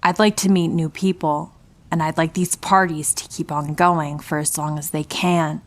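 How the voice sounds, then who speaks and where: A man voicing a sinister female spirit trapped in a lifelike doll, speaking in a sarcastic monotone for a horror story. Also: fairly high pitch, normal speed, pitched above the performer's own voice. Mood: cold, mocking.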